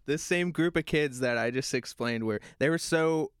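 Man, podcast co-host: even mid voice, quick jokes, dry close mic. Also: a little high, clear, resonant tone, no echo. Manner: dry quips, laughs at his own jokes. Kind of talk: casual chat.

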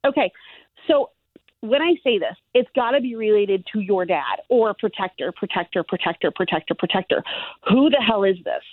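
A woman's voice: medium pitch, lively intonation, moderate pace, no echo, narrow, tinny audio. A woman giving a psychic reading on a podcast, chatty and self-deprecating, laughing often. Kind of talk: casual podcast chat and reading.

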